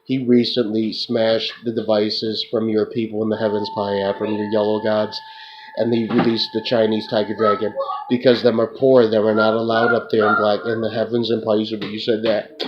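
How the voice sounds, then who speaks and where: A man's voice: on the low side, little pitch movement, normal speed. A man in a rambling, profane monologue, talking to an unseen listener and tacking "duh" onto his sentences. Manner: repetitive, profane, tacks on "duh". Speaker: self-described remote viewer. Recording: muffled lo-fi with loud hiss.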